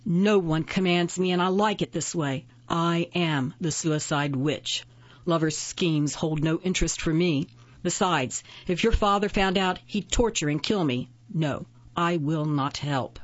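A woman's voice: fairly low pitch, measured pace, no room sound, dull audio. Woman reading as Yim, a proud scornful witch. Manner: cold, cutting retorts.

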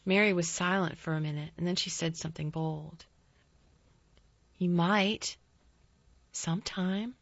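A woman narrating a storybook in a calm, measured way with small restarts, in a slightly dull, dry recording. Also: low-pitched, creaky, no echo. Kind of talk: storybook reading.

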